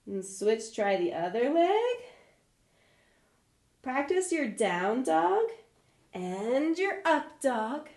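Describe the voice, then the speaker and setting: A woman leading a live online yoga class for kids, gentle, encouraging and playful as she talks through each pose. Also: sits high, big pitch swings, very slow, long pauses, echoey room. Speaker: yoga teacher for children.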